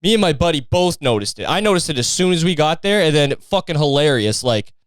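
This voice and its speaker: A young Canadian man hosting a podcast, ranting casually with lots of profanity and an animated, rambling delivery, recorded outdoors on a street. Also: on the high side, a little fast, no room sound. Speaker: podcast host. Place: outdoors in a street after a match.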